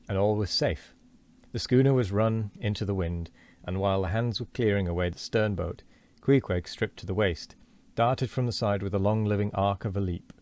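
Streamer, male, low voice, earnest read-aloud of a classic novel with frequent restarts. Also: darkish tone. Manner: earnest reading with frequent stumbles and self-corrections.

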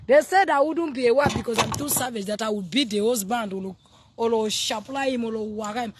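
Woman, southern African, live-stream preacher; husky, exuberant, chatty with her viewers. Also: fairly high pitch, normal speed. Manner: exuberant, loud bursts, laughing, greets viewers by name. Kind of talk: casual sermon on a live stream.

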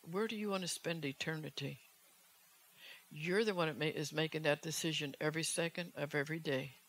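A woman's voice: sits low, fairly quick, a bit bright. A woman evangelist preaching a fervent sermon, urgent in tone and pressing the listeners with rhetorical questions.

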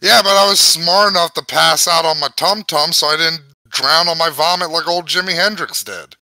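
A man's voice: a little high, moderate pace, vocal fry, bright, forceful tone, no echo, low-quality recording. A man reading a difficult book aloud on a casual podcast, stumbling over words, exasperated and swearing.

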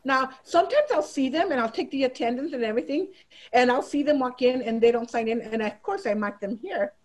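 A woman's voice: high voice, brisk, poor audio. A middle-aged woman teacher giving a training talk, telling classroom stories and acting out her students' voices. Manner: animated, acts out students' voices in quotes. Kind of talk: storytelling presentation.

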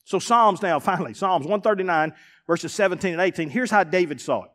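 A man, a pastor preaching a sermon to a congregation in a church, emphatic and building to shouts. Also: high-pitched, a little fast. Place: church sanctuary before a congregation.

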